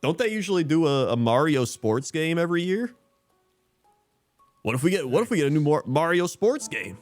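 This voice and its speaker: A man's voice: fairly high pitch, sing-song, brisk, soft background music. A man streaming live in casual chat, reading out usernames and laughing often.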